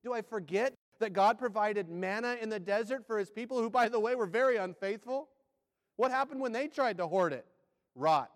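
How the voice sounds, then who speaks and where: A man preaching a sermon, firing rhetorical questions and swinging between loud and hushed delivery. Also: high voice, moderate pace, big-room sound.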